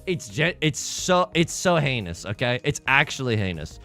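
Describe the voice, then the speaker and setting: Excitable young man streaming a game. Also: mid-range voice, moderate pace, creaky, hardly any pauses, soft background music. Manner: excitable, swings from loud outbursts to mumbling asides; laughs often, self-mocking. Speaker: streamer playing online mahjong. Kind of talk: casual livestream chat and commentary.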